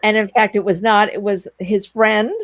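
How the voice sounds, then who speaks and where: A middle-aged woman relating a story with lively energy, jumping into the voices of the people she quotes. Her pitch sits in a middle register and the sound is dry and close, with no room around it. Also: normal speed, no echo. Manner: animated, breathless anecdote telling with quoted dialogue. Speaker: guest, entrepreneur. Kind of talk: storytelling in a casual interview.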